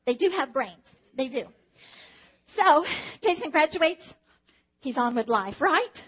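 A middle-aged mother sharing a personal testimony about her children, emotional and animated, acting out the dialogue. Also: high voice, slow. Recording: dull lo-fi recording.

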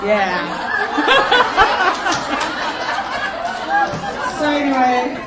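A middle-aged woman telling a comic story to a luncheon crowd in a chatty, animated way, laughing as she goes. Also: on the high side. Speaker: luncheon speaker. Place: conference luncheon hall. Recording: echoey hall from far off, room noise.

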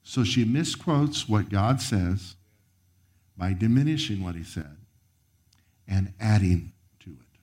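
A man preaching a sermon, reading scripture aloud and commenting on it, his voice rising high and then dropping to a near whisper. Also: lively intonation, slow pace, long pauses. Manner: preaching with sharp swings of pitch and volume, dropping to a near whisper. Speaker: pastor.

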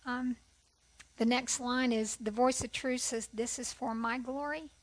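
A woman's voice: fairly high pitch, steady tone, a little slow, rough recording. A middle-aged woman sharing a personal testimony at a women's conference, earnest and conversational, often asking rhetorical questions. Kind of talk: testimony sermon.

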